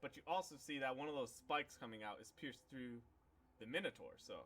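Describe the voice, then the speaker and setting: A man's voice: mid-range voice, brisk, a bit bright. A man narrating a tabletop game as game master, telling it loosely with lots of fillers. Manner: loose, filler-heavy storytelling.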